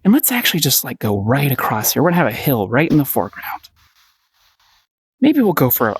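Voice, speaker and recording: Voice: medium pitch, sing-song, fairly quick, pauses often, slightly rough. A painting instructor giving a casual paint-along tutorial, playful and encouraging, often giggling and repeating short phrases.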